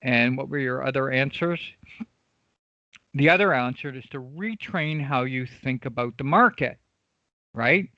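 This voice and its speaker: A man teaching an online trading class, stressing points through repetition and frequent "right?" checks. His voice sits at a middle pitch. The sound is dry and a bit dull, like a computer mic on a video call. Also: unhurried, long pauses, sharp tone, dry recording. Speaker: trading coach. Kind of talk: live online class lecture.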